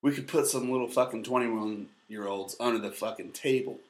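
A man's voice: mid-range voice, normal speed. A man in his thirties co-hosting a casual podcast, joking and swearing freely. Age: 30s. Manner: animated, crude and joking. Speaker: co-host.

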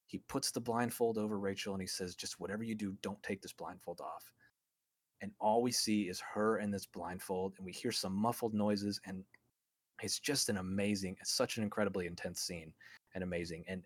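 A man's voice: sits low, no echo. A man co-hosting a film podcast, retelling scenes in an enthusiastic, rambling way with many restarts. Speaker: podcast co-host. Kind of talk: casual film podcast monologue.

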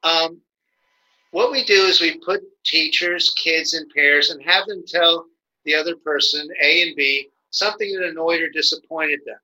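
A man's voice: fairly high pitch, bright, forceful tone, low-quality recording. A man being interviewed as a guest, talking through communication ideas with frequent restarts and acted-out examples. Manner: halting, many restarts, acts out quoted examples. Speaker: guest, nonviolent communication educator. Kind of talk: conversational interview.

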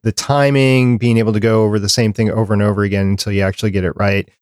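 A man in a casual podcast conversation, reading down a prepared list in a chatty, easygoing way. His voice sits at a middle pitch and sounds dry and close, with no room echo. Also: flat delivery, fast talker, a little mellow, smooth. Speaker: podcast host.

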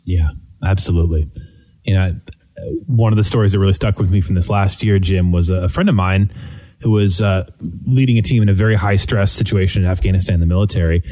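A man co-hosting a talk show, agreeing with the host and telling a story in a relaxed, conversational way. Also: lowish voice.

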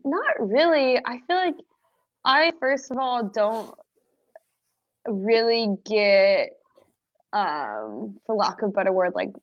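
A woman's voice: a little high, big pitch swings, takes it slowly, long pauses. A young woman talking as an athlete guest in a casual podcast chat, laughing often and filling her speech with "like". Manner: chatty, laughs often, many "like" fillers. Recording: slightly dull, dry audio.

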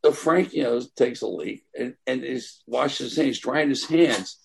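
Older guy rambling through stories, gravelly and kinda husky, lots of "you know". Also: mid-range voice, unhurried. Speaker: guest. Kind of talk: casual storytelling.

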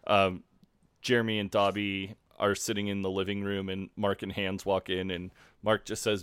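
A man co-hosting a podcast, wryly recapping scenes in relaxed casual chat on a home mic. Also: low-pitched, measured pace, smooth, dry recording. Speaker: podcast co-host.

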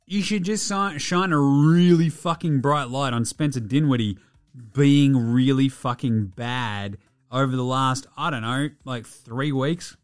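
A man's voice: medium pitch, unhurried, faint music behind. A man hosting a casual sports podcast, joking and swearing as he recaps games. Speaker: podcast host.

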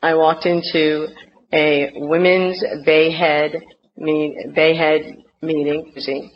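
Speaking at a recovery meeting, a middle-aged woman with a New Jersey accent tells a funny personal story, acting out her past outbursts. Her voice sits low, level and slow, in a dull lo-fi recording with faint noise.

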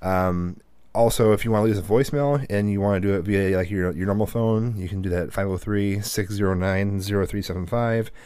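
A tired man co-hosting a podcast, his voice sitting a little low. He rambles, swears freely and restarts his sentences often, on a dry, close recording. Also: a little fast, a little mellow, clean tone, no echo. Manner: rambling, profane, with frequent restarts and fillers. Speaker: podcast co-host. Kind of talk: casual chat.

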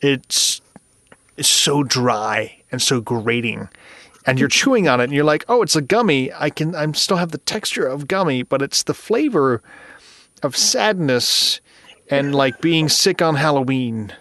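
A man's voice: medium pitch, lively intonation, unhurried, sharp tone, no room sound. Casual male podcast co-host, rambling, giggly, close dry sound. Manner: rambling, laughs often, stumbles and restarts. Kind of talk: casual chat.

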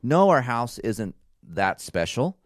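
A man's voice: medium pitch, sing-song, slow pace, no echo, studio quality. A man in his thirties co-hosting a casual chat, telling a story animatedly and swearing freely. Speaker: co-host of a couple's talk show.

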